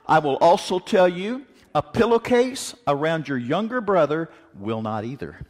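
A man preaching a sermon in a folksy, joking, animated way, mixing stories with scripture. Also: on the high side, normal speed. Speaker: pastor. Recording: long hall reverb.

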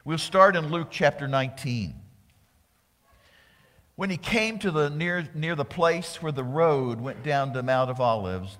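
A male pastor delivering a dramatic sermon in a church, swinging from loud exclamations down to whispers. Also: medium pitch, long reverb tail.

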